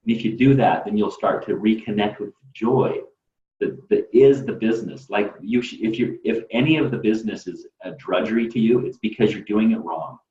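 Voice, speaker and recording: A man's voice: on the low side, brisk, mellow. A man who is a podcast guest, talking earnestly, repeating himself and building to emphatic peaks. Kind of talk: casual chat. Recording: roomy, distant and dull.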